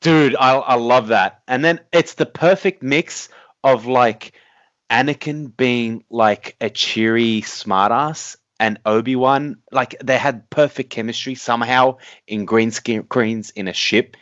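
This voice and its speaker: An eager man co-hosts a casual podcast chat, his voice at a middling pitch. The sound is dull and lo-fi, as if from a cheap mic, in a dry room. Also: slow pace, a bit bright, no room sound. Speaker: podcast co-host.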